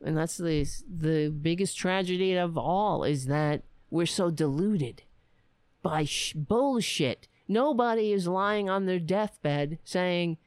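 A woman's voice: on the low side, slow, darkish tone, clean tone, no room sound. A woman hosting a podcast, talking in a blunt, profane, rambling way in casual commentary. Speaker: podcast host. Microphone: webcam setup.

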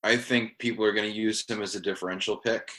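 A man's voice: fairly low pitch, fairly even intonation, fairly bright tone, rough recording. New England man hosting a casual sports podcast. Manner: jokey, hesitant, quick to question others. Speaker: podcast host.

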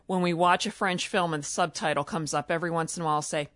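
Podcast co-host, female, slightly low voice, chatty anecdotes, dry sound. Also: fast, no room sound. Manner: chatty, animated storyteller. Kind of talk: casual chat.

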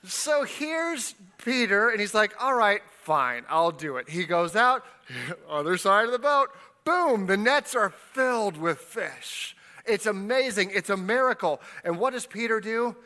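A man preaching a sermon, retelling a story with lively voices for its people and dropping quiet for personal appeals. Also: sits high, measured pace. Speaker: pastor.

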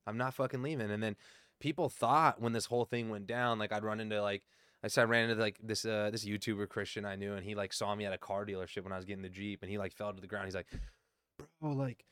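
A man in his thirties talks loosely and profanely, trading stories as a podcast guest. His voice sits low and comes across smooth and resonant. The sound is dry and close on a studio mic. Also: level tone, fast talker, a bit bright, no echo. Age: 30s. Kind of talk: casual chat.

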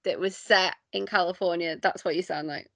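A woman's voice: lowish voice, fairly even intonation, fairly quick, gravelly, no room sound. A middle-aged woman with a Manx accent, a podcast guest and parent, chatting casually and laughing easily. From Isle of Man.

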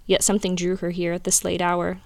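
A woman reading a first-person romantic story aloud in a measured, even way. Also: fairly low pitch, vocal fry, dry recording. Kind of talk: reading fan fiction aloud.

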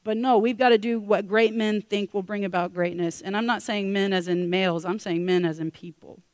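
A woman preaching a sermon in a lively storytelling way, acting out the characters with casual slang. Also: medium pitch, brisk, no echo. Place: church.

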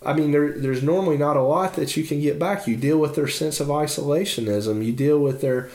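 A man's voice: on the high side, a little fast, darkish tone, echoey room. A man preaching a devotional sermon in an earnest, encouraging way.

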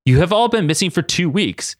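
A man's voice: sits high, expressive, brisk, no room sound, clean studio sound, pitched above the performer's own voice. A man voicing a snarky, cynical woman leader in a comic story he reads aloud. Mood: annoyed.

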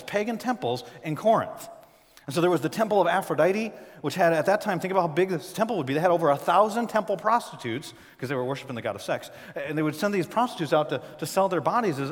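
Animated preacher man in a reverberant hall. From northern United States. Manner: animated preaching with big swings in pitch and loudness, joking asides. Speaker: pastor. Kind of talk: sermon. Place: church sanctuary with a live congregation.

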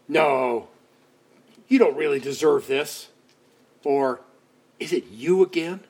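A man preaching a conversational sermon, acting out quoted voices and dropping to soft asides. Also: a little high. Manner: conversational, dramatic swings between loud outbursts and soft asides.

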